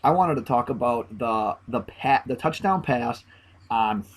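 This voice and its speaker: A man co-hosting a casual sports podcast, relaxed and hedging as he talks. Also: mid-range voice, unhurried. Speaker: podcast co-host.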